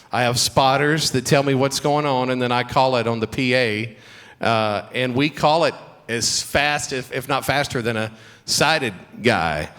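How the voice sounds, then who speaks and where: A middle-aged man with a Southern accent talks to a school chapel audience, mixing light family stories with faith encouragement. His voice sits in a middle register. The sound carries a long reverb from a large hall. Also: mid-range voice. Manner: warm storytelling with humor and faith encouragement. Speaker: guest speaker at a school chapel. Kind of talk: chapel talk to students.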